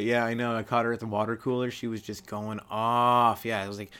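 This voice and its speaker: A young man from Canada hosting a solo comedy podcast, rambling loosely, swearing freely and acting out quick little voices for the people in his stories. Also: on the low side, steady tone, a bit bright. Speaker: podcast host, stand-up comedian.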